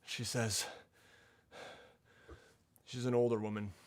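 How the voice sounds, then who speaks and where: A man narrating as game master in a tabletop game, slow and hesitant with many fillers. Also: medium pitch, level tone.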